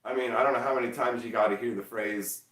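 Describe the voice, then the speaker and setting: A man chatting casually on a livestream, loud and energetic, teasing his chat. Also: medium pitch, fast, reverberant, far from the mic. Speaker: streamer.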